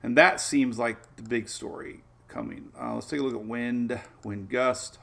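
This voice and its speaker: A man hosting a casual live weather show, chatting in a rambling way with excitable asides while looking over the maps. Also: mid-range voice, normal speed, creaky, hardly any pauses.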